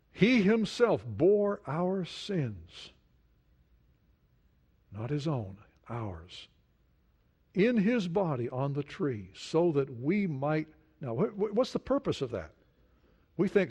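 Male pastor with a slightly higher voice, dynamic preacher who goes loud, then drops to a hush, and keeps asking the congregation questions. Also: slightly rough. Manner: dynamic preaching, swings from loud emphasis to hushed near-whisper; asks the listeners many questions. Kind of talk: sermon.

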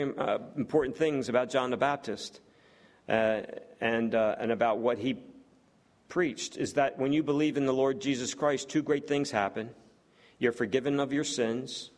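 A man preaches to a congregation in a voice of ordinary pitch. He reads scripture passages aloud between his own remarks. He often puts rhetorical questions to his listeners. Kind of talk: sermon.

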